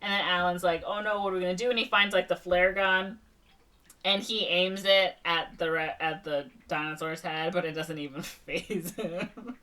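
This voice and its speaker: A woman co-host recaps a film in a relaxed, chatty way, jumping into brief character voices along the way. Her voice sits a little low for a woman. The mic picks her up from a short distance. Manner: animated retelling with quick voiced impressions. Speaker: podcast co-host. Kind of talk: casual movie recap.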